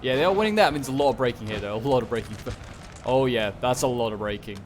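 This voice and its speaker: A man giving casual, rambling commentary on a strategy game battle, excitable and talking back to the units on screen. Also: mid-range voice, fast talker, slight background noise. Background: gunfire and battle sounds.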